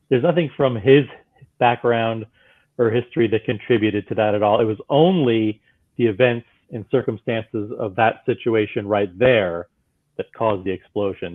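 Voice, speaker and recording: A man commenting on a clip in a mock-earnest, ironic way. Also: on the low side. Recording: tinny phone line.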